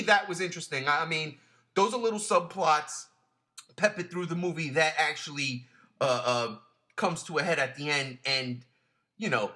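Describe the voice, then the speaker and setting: Casting: high, bright male host, casual chat, stumbles over words. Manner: stammering, repeats words while searching for them. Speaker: podcast host. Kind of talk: casual film discussion.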